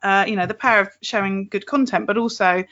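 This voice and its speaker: A woman hosting a podcast interview, talking quickly and chattily with frequent laughs. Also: mid-range voice, steady tone, fairly bright tone, muffled recording. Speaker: podcast host.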